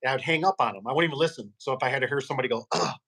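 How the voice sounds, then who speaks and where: A man's voice: mid-range voice, rapid-fire, creaky, bright, forceful tone, husky. A man, a garage door business owner, chatting casually and rambling through stories while acting out the people he quotes. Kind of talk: casual podcast chat.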